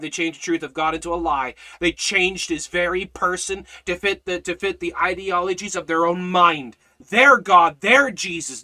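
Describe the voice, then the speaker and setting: A man preaching a fiery sermon, hammering rhetorical questions and swinging between loud exhortation and low, intense emphasis.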